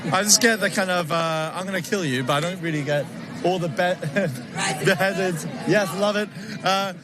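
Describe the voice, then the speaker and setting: A man's voice: high voice, unhurried, a crowd in the background, background noise. A man with a posh-sounding Edinburgh accent, interviewed outdoors at a rally, joking and self-deprecating with frequent laughs. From Scotland. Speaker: interview guest. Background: loud music.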